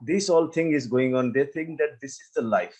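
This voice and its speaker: A man speaking on a video call, halting and often restarting his sentences. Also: mid-range voice, a little mellow, slightly rough, poor audio. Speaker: participant on a call. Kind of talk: casual discussion on a video call.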